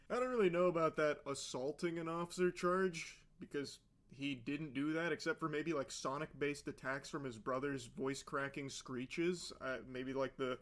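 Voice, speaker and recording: A man giving casual, sarcastic and profane commentary on a video, with plenty of filler words. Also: a little high. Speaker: reaction commentator.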